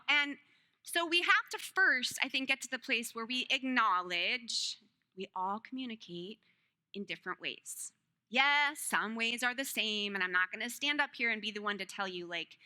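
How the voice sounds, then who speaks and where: Woman, thirties, sermon, joking and self-deprecating, bright tone, higher pitch. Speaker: speaker at a church service. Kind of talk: sermon with personal stories.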